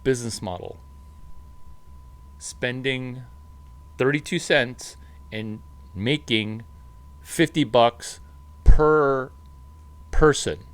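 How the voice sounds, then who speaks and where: Emphatic man with slow punchy delivery. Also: medium pitch, clear, resonant tone. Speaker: startup advisor. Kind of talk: animated monologue to camera.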